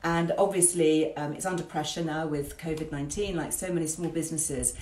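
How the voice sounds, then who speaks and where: A woman's voice: low voice, steady tone, brisk, darkish tone. A woman hosting a home cooking demonstration from her farm kitchen, chatting informally with cheerful asides. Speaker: cooking show host. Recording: roomy kitchen echo.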